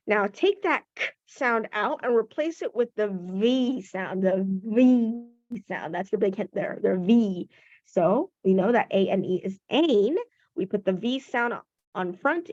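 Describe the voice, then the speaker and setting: Slow, patient woman teaching phonics. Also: mid-range voice, no echo. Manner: patient, sounds out letters, encouraging praise. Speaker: English teacher for young children. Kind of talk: slow phonics lesson to children. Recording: dull lo-fi recording.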